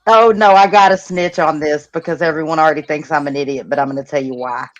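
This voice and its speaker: A woman's voice: sits low, fast talker, no echo, dull audio. A woman guest on a livestream panel, rambling and laughing through an embarrassing confession. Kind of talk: casual livestream chat.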